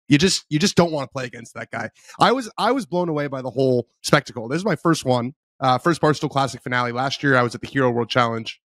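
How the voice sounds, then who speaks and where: An enthusiastic male podcast host who rattles through his story at a fast clip. The recording is dry and close, with no room sound. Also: medium pitch, fairly bright tone, dry recording. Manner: quick, enthusiastic recounting. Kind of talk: casual chat.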